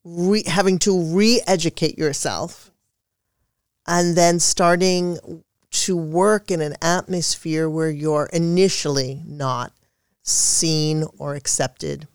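A woman's voice: deep voice, fairly even intonation, slow, clean tone, dry recording, clean studio sound. A woman hosting a podcast interview, enthusiastic and encouraging toward her guest. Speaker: podcast host. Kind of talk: interview conversation.

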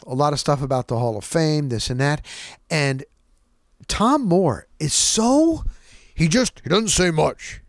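A man hosting a talk show, telling a casual, animated story with a rambling delivery and quotes he acts out. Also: on the high side, no room sound, clean studio sound.

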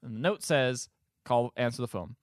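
A man's voice: mid-range voice, normal speed, no room sound. A man with a mid-range voice recaps a film on a podcast, sounding exasperated and sarcastic. The sound is dry and close to the mic. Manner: sarcastic, exasperated retelling with profanity. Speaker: podcast co-host recapping a movie. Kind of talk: casual chat.

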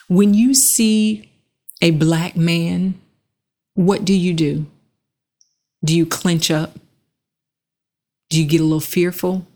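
A woman giving an earnest, measured reflective monologue that leads the listener through slow breathing, pausing between phrases. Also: lowish voice, steady tone, darkish tone.

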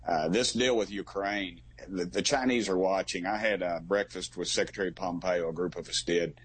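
Casting: middle-aged man, deep voice with a husky edge, folksy political guest who gets fired up. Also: moderate pace. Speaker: congressman guest. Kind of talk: political interview.

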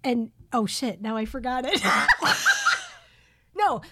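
A woman's voice: on the high side, a little slow, slight background noise. A woman co-hosting a podcast, chatting casually and laughing often. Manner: giggly, animated storytelling. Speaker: podcast co-host. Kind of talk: casual chat.

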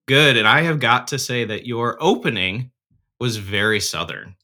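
A man's voice: medium pitch, expressive, normal speed, sharp tone. A man hosting and producing a podcast, talking in an upbeat, friendly way with casual fillers.

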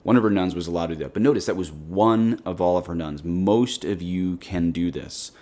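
Low-voiced priest teaching on prayer. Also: male voice, a little fast, dark tone. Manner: earnest, direct, plain-spoken. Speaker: Catholic priest and podcast host. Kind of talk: conversational spiritual teaching.

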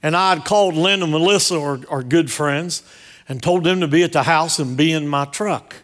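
A fairly high-voiced male pastor preaching at a church service. He is jokey and direct and keeps firing questions at his congregation. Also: normal speed, a bit bright. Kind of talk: sermon.

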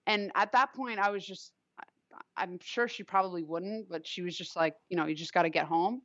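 A woman's voice: on the low side, brisk, a bit bright, no room sound. Chatty young woman, dull dry recording. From Long Island, New York. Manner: chatty, heavy use of "like" fillers. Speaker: storyteller. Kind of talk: casual personal storytelling.

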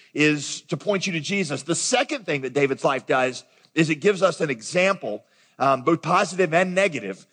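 Man, pastor, conversational and animated sermon, light high voice, long hall reverb. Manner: conversational, animated preaching with asides to the congregation. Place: large church auditorium.

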